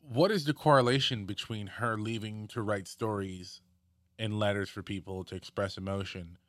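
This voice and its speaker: A man's voice: fairly low pitch, fairly even intonation, moderate pace, no echo. A man co-hosting a casual anime review podcast, making wry, joking asides. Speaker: podcast co-host.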